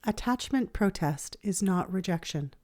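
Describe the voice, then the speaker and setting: A woman therapist hosting a podcast, reading her reflective script in a gentle, measured, soothing way. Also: medium pitch, lively intonation. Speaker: child therapist and podcast host.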